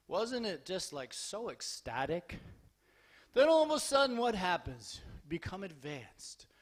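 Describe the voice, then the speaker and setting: A man giving a scripture class to an audience in a temple hall. He tells stories in an animated, humorous way, acts out dialogue, and urges his listeners on. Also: high voice. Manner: urgent and exhorting. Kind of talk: sermon with lively storytelling.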